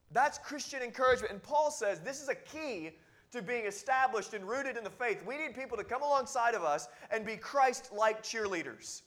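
High-pitched guy pastor preaching, earnest and pushing, goes quiet and close a lot. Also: lively intonation, normal speed. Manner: earnest and exhorting, with sudden drops to a hushed, close tone. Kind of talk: sermon.

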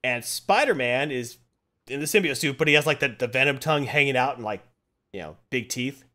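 A man's voice: mid-range voice, lively intonation, brisk, bright, forceful tone. A man hosting a casual chat, retelling a comic plot and acting out the quotes as he goes. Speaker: podcast host.

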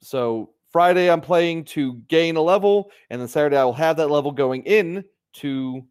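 A man's voice: on the high side, moderate pace, darkish tone, clear, resonant tone, no echo, studio quality. A man co-hosting a casual chat over a video call, rambling through fillers and restarts. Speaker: podcast co-host.

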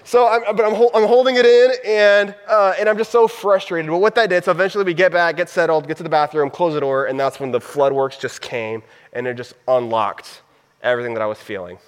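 A man's voice: fairly high pitch, steady tone, a little fast, clean tone. A man in his thirties, a pastor telling a personal story in a sermon, casual and heartfelt with laughing asides. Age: 30s. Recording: long reverb of a hall.

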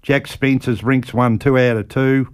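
A man's voice: medium pitch, fairly even intonation, a little slow, smooth. A man with an Australian accent giving a casual lawn bowls report on community radio, rambling with frequent fillers. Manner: rambling, with frequent ums and uhs.

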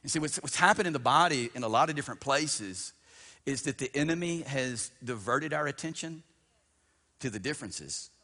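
A man in his fifties, a pastor preaching a sermon, swinging between loud emphatic bursts and hushed storytelling and repeating words as he builds up. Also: medium pitch, expressive, moderate pace. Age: 50s. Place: church sanctuary. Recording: long church-hall reverb.

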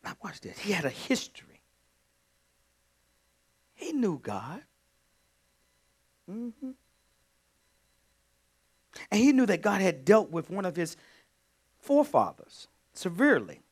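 A male pastor delivering a sermon, dropping to hushed whispers and then rising to shouted cries of praise. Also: high-pitched, wildly swooping pitch, takes it slowly, long pauses, husky. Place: church sanctuary.

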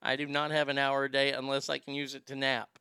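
Man, middle-aged host, bright clear voice, dry close sound, blunt and profane. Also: mid-range voice, monotone, fast, dry recording. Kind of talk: casual chat reading listener mail.

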